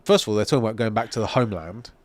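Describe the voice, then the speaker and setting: Man, low voice, dry close sound, rambling opinions, casual podcast chat. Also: very fast, darkish tone, no room sound. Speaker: podcast co-host.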